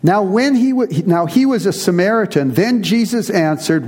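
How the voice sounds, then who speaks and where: A pastor preaching a sermon to his congregation, earnest and emphatic, slowing down to stress key words. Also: high-pitched, lively intonation, darkish tone. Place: church. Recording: reverberant hall.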